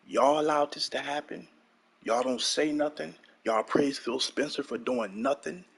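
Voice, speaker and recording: A man with a husky, slightly rough voice delivers a heated, profane gaming rant. He hammers his points by repeating lines, sitting at an ordinary middle pitch for a man. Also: measured pace, fairly bright tone. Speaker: gaming channel host.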